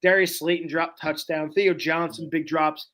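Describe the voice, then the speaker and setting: Young guy on a sports podcast, blunt and trash-talky, kinda high voice. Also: level tone, moderate pace, fairly bright tone. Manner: blunt, opinionated, trash-talking. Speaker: podcast co-host. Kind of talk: casual sports chat.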